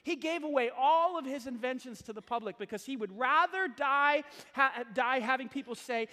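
A man's voice: very high voice, a little fast, few pauses, sharp tone. A male pastor preaching a sermon, telling self-deprecating stories in a chatty way with laughs. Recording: hall reverb.

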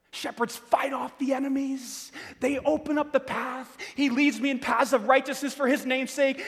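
A man preaching a sermon in a church, animated, repeating words and calling out to the congregation. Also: very high voice, normal speed, few pauses. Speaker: pastor. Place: church hall. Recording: long hall reverb.

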